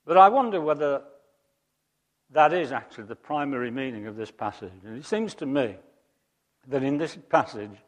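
A man preaching a sermon, emphatic, rising to loud high peaks and dropping to quiet asides. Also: lively intonation, moderate pace, long pauses. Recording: long hall reverb.

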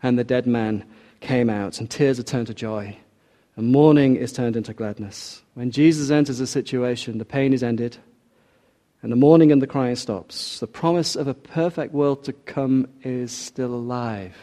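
A man delivers a sermon in an earnest, measured way. His voice is warm and mellow, and he slows down to let the key lines land. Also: medium pitch. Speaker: preacher.

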